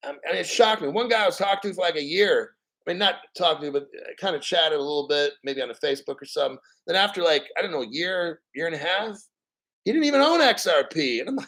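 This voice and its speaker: A man's voice: on the high side, lively intonation, fast, a bit bright. Blunt, profane man hosting a channel. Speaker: crypto channel host. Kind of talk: casual livestream chat.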